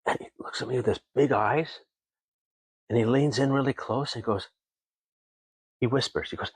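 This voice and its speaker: A distillery owner from Tenino, Washington, with a slightly rough, medium-pitched voice, tells folksy stories at normal speed in a casual interview. Lively and chuckling between lines, he acts out other people's words, and the recording is dry.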